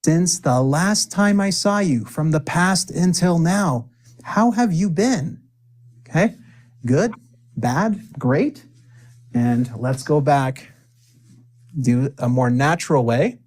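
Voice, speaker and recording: Slow, pausing man teaching English. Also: on the high side, lively intonation, a little mellow. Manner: slow, with deliberate pauses for the viewer to repeat; playful, joking asides to the viewer. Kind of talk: spoken-English lesson with repeat-after-me drills.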